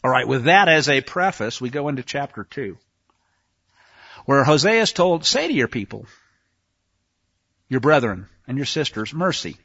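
A man preaching a sermon, reading scripture aloud and commenting with sarcastic asides, swinging between hushed passages and shouts. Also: high-pitched, breathy edge, no echo, lo-fi sound.

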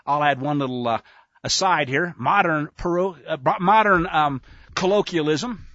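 A man teaching scripture in a chatty, wry way, breaking into the voices of the people in the story. His voice is high, bright and very animated. The recording is dry and a bit dull. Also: moderate pace, no room sound. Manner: wry, chatty, acts out the dialogue. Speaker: Bible teacher. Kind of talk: casual scripture teaching with commentary.

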